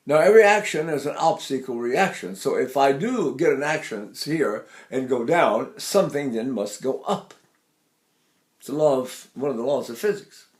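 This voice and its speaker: A man's voice: mid-range voice, lively intonation, moderate pace. An older man, a voice teacher, explaining singing technique and breaking into sung and spoken vowel demonstrations.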